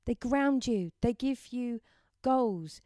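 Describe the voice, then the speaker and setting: A woman delivers a motivational mindfulness talk in a gentle, encouraging way. Her voice is smooth and clear and sits a little high, and she takes her time over every phrase. The recording is dry, with no room echo. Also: expressive, slow pace. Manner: gentle, encouraging, leads listeners through affirmations. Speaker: self-help speaker.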